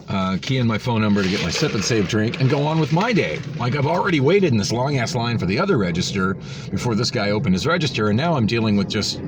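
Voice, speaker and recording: Sarcastic man ranting with a lively voice. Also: medium pitch, noisy background. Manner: exasperated, sarcastic, profane. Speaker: vlogger. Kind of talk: ranting vlog storytelling. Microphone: phone.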